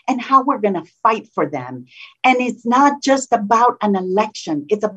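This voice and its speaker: A woman's voice: on the high side, animated, moderate pace, breathy edge. A woman whose first language is Spanish, speaking as a political candidate in an interview, impassioned and emphatic, repeating phrases for stress. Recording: dull lo-fi audio.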